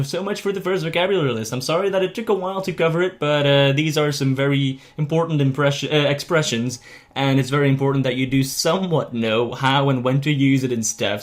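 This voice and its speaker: Chatty young man teaching a lesson. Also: medium pitch. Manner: chatty, halting, many fillers and restarts. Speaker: language teacher. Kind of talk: casual video lesson.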